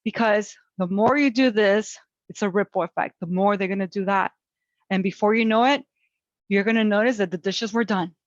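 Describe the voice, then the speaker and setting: A woman's voice: medium pitch, normal speed, no room sound. Woman, webinar presenter, encouraging, chatty, dull dry audio. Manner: warm encouraging, chatty with fillers. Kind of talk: webinar talk on parenting resilience.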